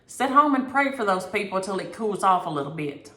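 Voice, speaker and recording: A woman hosting a needlework vlog, telling a story in an animated, exasperated way. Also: mid-range voice, a little fast. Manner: animated, exasperated storytelling with Southern turns of phrase. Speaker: flosstube host. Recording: echoey room.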